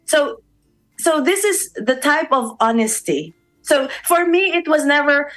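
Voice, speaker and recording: A woman's voice: sits high, sing-song, measured pace, a bit bright, soft background music. Filipino woman telling stories on air. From Philippines. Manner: storytelling, acts out quoted voices, mixes in Tagalog. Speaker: radio show guest. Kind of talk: conversational radio interview.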